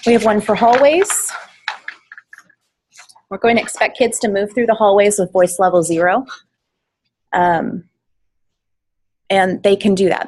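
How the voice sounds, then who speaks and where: Husky-voiced woman coordinator giving instructions. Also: medium pitch, a little mellow, low-quality recording. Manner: practical, instructive, with fillers. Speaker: volunteer coordinator. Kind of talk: training talk to volunteers. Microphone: online meeting mic, at varying distance.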